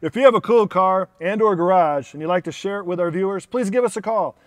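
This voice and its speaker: A man's voice: high voice, quick pace. A man hosting a car show, joking and laughing at his own flubbed lines. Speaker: show host. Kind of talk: casual on-camera hosting with outtakes.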